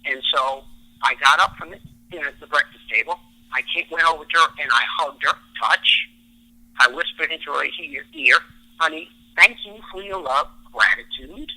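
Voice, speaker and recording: A man's voice: on the high side, moderate pace, sharp tone, rough recording. A man speaking as a podcast guest, explaining brain science through everyday stories from his own life. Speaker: podcast guest, relationship expert. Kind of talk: podcast interview.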